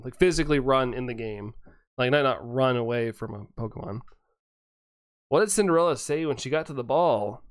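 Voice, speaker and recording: A laid-back man chats through his game stream, greeting viewers by name and laughing at his own jokes. His voice is smooth and clear, recorded dry and close. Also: mid-range voice, no room sound. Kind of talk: casual live-stream chat reading viewer messages.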